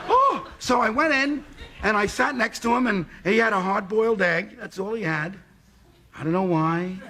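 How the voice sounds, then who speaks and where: A man from Brooklyn with a very high, lively voice spins a comic anecdote as a talk show guest, acting out every part of the exchange himself. The television broadcast carries a clear layer of noise under him. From Brooklyn, New York. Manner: animated storyteller, voices both sides of dialogue.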